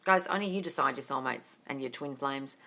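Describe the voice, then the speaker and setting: Reading viewers' comments during a live stream coaching session, this woman replies bluntly, drops casual swears and calls people darling. Her bass voice is fairly quick and creaky, with a sharp tone.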